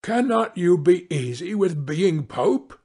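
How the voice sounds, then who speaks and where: A man's voice: sits high, sing-song, slow, dark tone, breathy edge, voice pushed up, exaggerated voice. A man voicing a timid old fisherman who pleads anxiously with his wife in a storybook. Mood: pleading.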